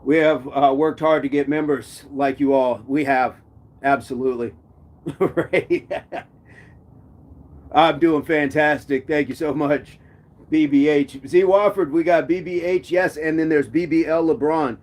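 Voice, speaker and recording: A playful man hosts a casual live stream, reading viewer comments aloud and laughing often. His voice sits a little high for a man, and he tends to repeat his phrases. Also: measured pace, darkish tone. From United States.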